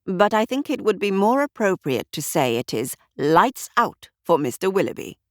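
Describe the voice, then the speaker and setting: A woman voicing a calm, formal male detective with a precise, measured manner, in an audiobook mystery. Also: high-pitched, dry recording, clean studio sound. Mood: dry.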